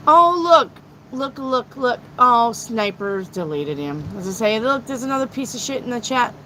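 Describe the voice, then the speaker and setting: Blunt, excitable woman tarot reader. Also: fairly high pitch, normal speed, a little hiss or hum, low-quality recording. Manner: blunt, excitable, swears freely. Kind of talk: live-stream tarot reading.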